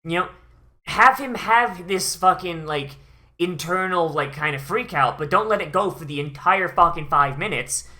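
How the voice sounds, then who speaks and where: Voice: medium pitch, lively intonation, moderate pace, bright, forceful tone, a little hiss or hum. An anime reviewer ranting through a watch-along, swearing often and sighing in exasperation.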